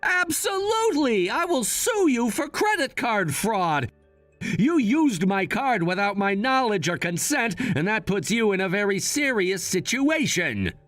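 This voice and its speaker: A man's voice: high voice, sing-song, a little slow, a bit bright, dry recording, soft background music, full character voice. A man playing a cold, unbending adult son. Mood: firm. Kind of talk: scripted drama voice-over.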